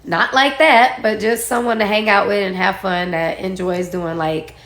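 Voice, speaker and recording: A woman casually telling a personal story, animated and acting out what others said. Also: mid-range voice, moderate pace, slight background noise. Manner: animated, acts out quoted dialogue, laughs while telling. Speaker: guest storyteller. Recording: roomy echo.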